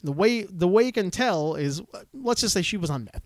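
Fast-talking high-voiced man telling stories. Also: lively intonation, no echo, studio quality. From Canada. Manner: rambling storyteller, swears freely, acts out quotes. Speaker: podcast co-host. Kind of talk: casual chat.

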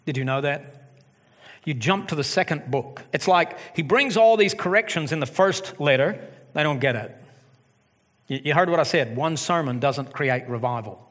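A middle-aged man preaching a sermon as pastor of his church, animated with joking asides. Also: fairly high pitch, normal speed. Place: church sanctuary. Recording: long hall reverb.

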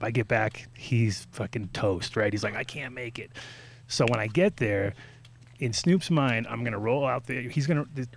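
A man telling a story in casual chat, animated and swearing, acting out quotes with sudden jumps in pitch. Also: vocal fry. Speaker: podcast guest telling a story.

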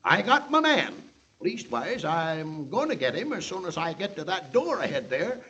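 An actor playing a stubborn, duty-bound frontier town marshal with a folksy drawl in a 1940s radio drama, in a dull old radio recording. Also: male voice, high-pitched, big pitch swings, normal speed, bright, forceful tone, slightly rough, heavily acted. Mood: stern.

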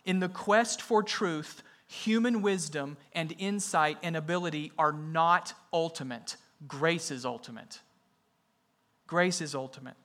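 A man's voice: on the high side, measured pace, a bit bright. A man preaching a sermon in an emphatic way, often repeating his key phrases for weight. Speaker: pastor.

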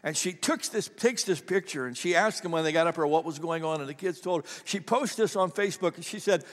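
A man with a notably high voice preaches a sermon. He swings between loud, emphatic lines and quiet storytelling. His voice rings with the long reverb of a large hall. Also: fairly quick. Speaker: pastor.

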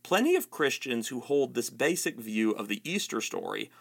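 A man's voice: mid-range voice, very animated, moderate pace, gravelly, fairly bright tone, slightly rough. A man narrating a scripted video essay with dry, wry humor.

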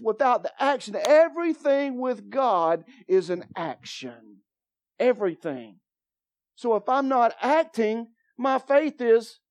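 A man's voice: sits high, a little mellow. A man preaching a sermon as pastor, emphatic and drawing responses from the congregation. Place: church.

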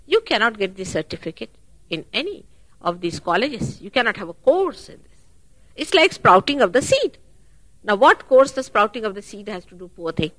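A woman giving a spiritual talk at a public program, animated and full of rhetorical questions. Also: mid-range voice, normal speed, no room sound. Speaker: spiritual teacher.

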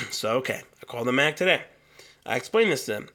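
A man's voice: mid-range voice, very animated, fairly quick, bright, forceful tone. A young man hosting a solo podcast, telling a long story in a heated, profane rant. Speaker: podcast host.

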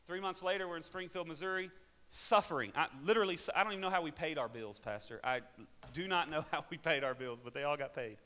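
Speaking quickly in a higher-pitched voice, a man with an Arkansas accent preaches, telling his personal testimony from the pulpit. He alternates between booming delivery and hushed asides, and the recording carries hall reverb.

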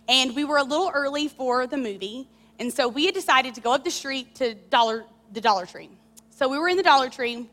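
A woman preaching a sermon, telling a candid personal story in an animated, confessional way. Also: sits high, in a large hall.

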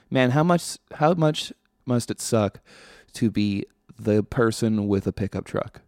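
A man's voice: fairly low pitch, fairly even intonation, moderate pace, dark tone, no room sound, studio quality. A man hosting a podcast, delivering a casual comedic monologue in a sardonic, ranting, profane way. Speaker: podcast host.

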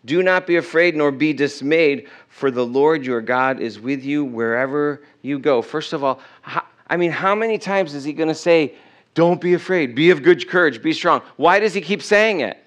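In church, a middle-aged pastor reads scripture to his congregation, with occasional self-corrections, and poses questions to them during the sermon. He speaks at a normal speed in a voice that's on the high side with a fairly bright tone.

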